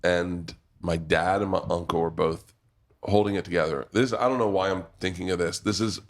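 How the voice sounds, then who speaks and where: A man's voice: low-pitched, steady tone, moderate pace. A man, hosting a podcast and telling a family story in a loose, laughing way with crude asides, recorded in a pub. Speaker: podcast host. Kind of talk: storytelling in casual chat.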